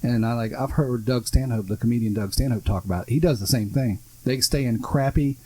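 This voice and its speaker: A man's voice: medium pitch, a little fast, dark tone, slightly rough, low-quality recording. A man co-hosting a podcast in casual chat, blunt and sarcastic, rambling through his points. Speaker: podcast co-host.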